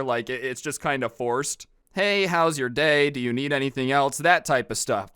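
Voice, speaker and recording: Sarcastic storytime guy, smooth voice. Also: mid-range voice, fairly bright tone, no echo, clean studio sound. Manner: sarcastic, conversational. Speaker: storytime narrator. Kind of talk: casual storytime narration.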